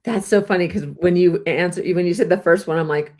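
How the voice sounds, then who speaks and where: Low-voiced woman co-host, relaxed chat. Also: fairly quick. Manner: relaxed, reads questions aloud, laughs easily. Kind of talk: casual podcast chat.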